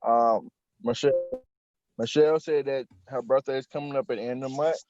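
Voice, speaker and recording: A man's voice: medium pitch, fairly even intonation, brisk, muffled recording. A man co-hosting a live podcast, bantering and cursing in a joking way. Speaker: podcast co-host. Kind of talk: casual live-stream chat.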